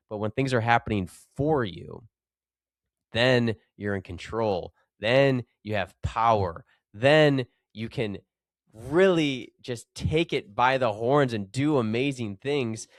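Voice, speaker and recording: A man's voice: medium pitch, dry recording. Earnest motivational podcast man, dry sound. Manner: earnest, animated when reading story aloud. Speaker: podcast host. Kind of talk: motivational talk.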